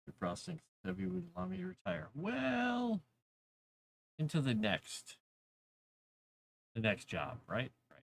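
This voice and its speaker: Man, low gravelly voice, lively up-and-down pitch, rambling stream chatter. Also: moderate pace, long pauses. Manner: rambling, talks to his cat and reads chat aloud. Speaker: streamer writing fantasy lore. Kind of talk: casual live-stream chat.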